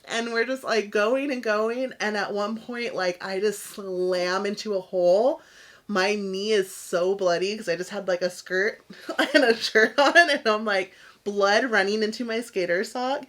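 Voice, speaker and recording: A woman co-hosting a podcast, telling a story in casual chat, laughing often and acting out other people's lines in a higher voice. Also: unhurried, a bit bright. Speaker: podcast co-host.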